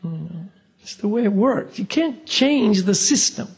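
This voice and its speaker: A man's voice: high voice, lively intonation, a little slow, vocal fry, darkish tone. A man teaching a spiritual class in a conversational way. He keeps saying "you see" and acts out little dialogues. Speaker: meditation teacher. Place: meditation class room.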